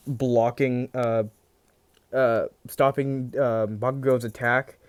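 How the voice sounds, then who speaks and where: A man's voice: mid-range voice, smooth. A man casually telling a fan fiction story, rambling with many restarts and filler phrases. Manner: rambling, full of "you know" and restarts.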